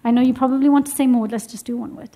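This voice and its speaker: Young woman workshop teacher, high voice, upbeat and encouraging with a room of students. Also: racing. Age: young adult. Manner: lively, encouraging, laughs often. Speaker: womb health teacher. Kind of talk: workshop teaching to a live group. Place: room with a seated group.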